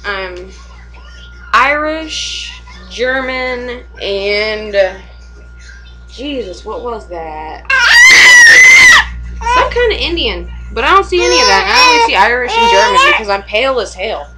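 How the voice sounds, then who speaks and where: A woman's voice: a little high, big pitch swings, slow, long pauses, heavy background noise. A young woman and mother chatting casually at home for a vlog, rambling, swearing freely and laughing often.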